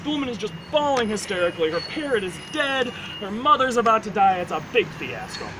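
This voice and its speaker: A man telling a long joke casually, jumping into high character voices for the people in it. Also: quick pace, background noise. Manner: animated storyteller, jumps into high character voices. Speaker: joke teller.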